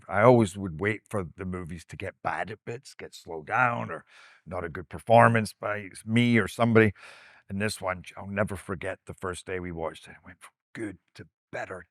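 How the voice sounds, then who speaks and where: Low-voiced man recounting his film career. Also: dry recording, clean studio sound. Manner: animated, digressive storytelling. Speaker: actor. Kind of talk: casual reminiscing monologue.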